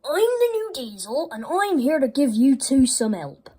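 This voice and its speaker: A woman's voice: high voice, very animated, a little slow, warm tone, voice pushed up. A woman voicing a jolly male diesel engine who talks like a sailor, in a hearty, sing-song manner. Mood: cheerful.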